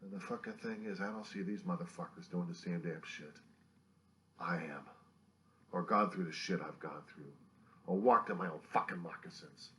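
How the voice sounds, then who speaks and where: A distressed man rants into his video diary in a fairly low voice. He sounds bitter and profane. He swings between loud angry outbursts and hushed, near-whispered lines. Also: moderate pace, slight background noise. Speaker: video diarist.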